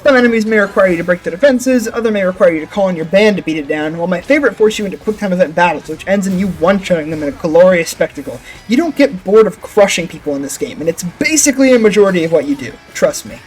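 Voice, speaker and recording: A man's voice: high-pitched, expressive, fast, hardly any pauses, faint music behind. A young man hosting his gaming channel, narrating a game review voice-over in a jokey, sarcastic way with casual swearing.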